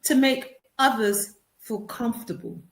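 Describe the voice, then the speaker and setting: Speaking unhurriedly in a higher register, a woman responds to a radio interviewer as an author and consultant. Her explanations are earnest, with repeated words whenever she starts a thought again, and the room echoes noticeably.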